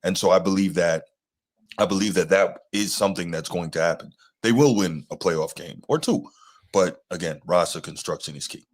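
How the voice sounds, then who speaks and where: A man's voice: low voice, moderate pace. A man hosting a casual sports podcast, easygoing, steering the talk and inviting callers. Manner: easygoing, steers the talk, reads out the call-in number. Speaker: podcast host.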